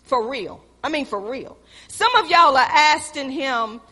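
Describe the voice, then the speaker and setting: A woman preacher delivering a sermon in storytelling style, swinging between loud exhortation and quiet asides, recorded in a church. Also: high-pitched, animated, unhurried, in a large hall.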